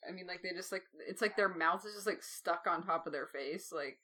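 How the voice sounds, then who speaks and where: A woman's voice: lowish voice, fairly quick, pushed and bright. A woman co-hosting a podcast, chatting casually and giggling about a cartoon. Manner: giggly, chatty, many fillers. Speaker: podcast co-host. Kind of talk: casual chat reviewing a cartoon.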